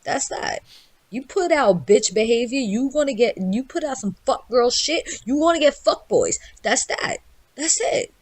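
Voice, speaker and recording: A brash woman with a New York accent, ranting her advice with constant swearing. Her pitch sits a bit high and swings widely as she talks. She is a podcast co-host in casual talk. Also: lively intonation, measured pace, no echo. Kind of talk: blunt profane advice rant.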